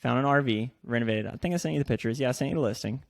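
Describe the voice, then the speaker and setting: A man's voice: mid-range voice, very fast, gravelly, dry recording, studio quality. A man co-hosting a podcast, telling a long anecdote in loose, casual chat, swearing freely and laughing as he goes. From lives in Texas. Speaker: podcast co-host.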